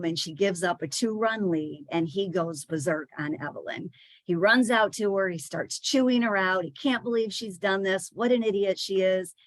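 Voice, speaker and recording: A woman's voice: mid-range voice, no room sound. A woman giving a chatty presentation to sales leaders, with frequent fillers and small restarts.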